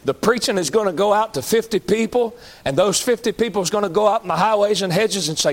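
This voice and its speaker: A male pastor preaching a folksy sermon that climbs to shouting. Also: high voice, quick pace.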